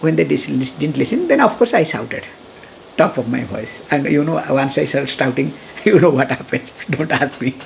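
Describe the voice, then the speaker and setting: A middle-aged woman with an Indian accent, a spiritual teacher giving a scripture discourse, animated and chuckling, acting out dialogue and chanting Sanskrit verses slowly. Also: deep voice, vocal fry, a little hiss or hum.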